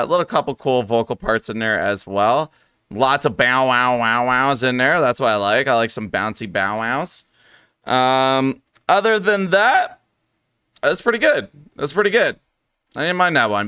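A man from Canada reacting to a metal song on his stream, excitable and loose, swearing casually and filling gaps with uhs. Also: medium pitch, clear, resonant tone, dry recording, clean studio sound.

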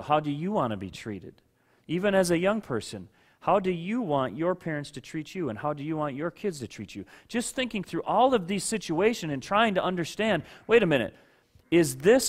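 A male pastor and father giving a sermon in a conversational way, asking questions of listeners by name and at times raising his voice for emphasis. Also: fairly high pitch. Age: adult with children. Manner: conversational preaching, rising to loud rhetorical outbursts.

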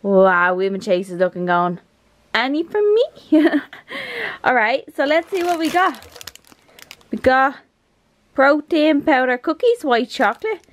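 A woman with an Irish accent vlogging an unboxing at home, rambling and gushing with excitement. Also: sits high, a little slow, long pauses. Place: her apartment.

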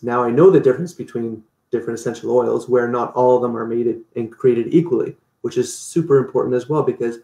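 A man with a gravelly, mellow voice speaks casually as an interview guest. He tells his story with energy and acts out quoted lines. The room gives his voice a noticeable echo. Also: mid-range voice.

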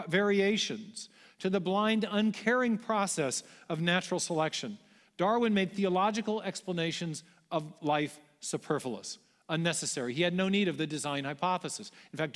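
A man with a fairly high voice lectures to a big audience, unfolding his points as a story with the odd wry aside. His voice carries a long reverb through a large lecture hall. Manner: storytelling, with self-deprecating asides.

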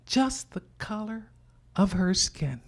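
A woman voicing her younger self as a grief-stricken, defiant young girl with a high, pleading, insistent voice. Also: lively intonation, slow pace. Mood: indignant.

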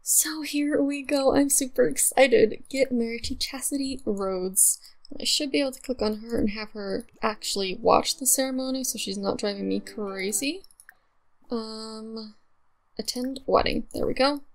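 A woman's voice: a little high, measured pace. A young woman chatting casually over her gameplay, bubbly and gushing, with lots of fillers. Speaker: let's play gamer.

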